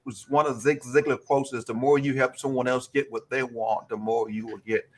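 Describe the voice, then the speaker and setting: A man's voice: medium pitch, fairly even intonation, moderate pace, crowd noise. A man hosting a leadership talk show, effusive and full of repeated praise and exclamations. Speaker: host. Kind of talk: motivational interview hosting.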